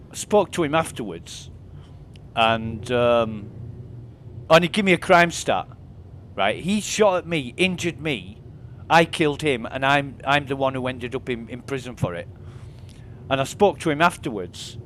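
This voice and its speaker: A man's voice: mid-range voice, animated, measured pace, pauses often, fairly bright tone, slight background noise. A man streaming a game, venting in a casual, exasperated way and swearing as he retells an argument. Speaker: livestreamer. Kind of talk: casual gaming livestream rant.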